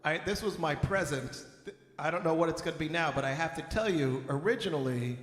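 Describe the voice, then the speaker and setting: A man's voice: on the high side, brisk. A man hosting an online music show, telling a long joke in a rambling way, with many fillers, and laughing at his own punchlines. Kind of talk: casual joke-telling and chat. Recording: roomy echo with long reverb, faint music.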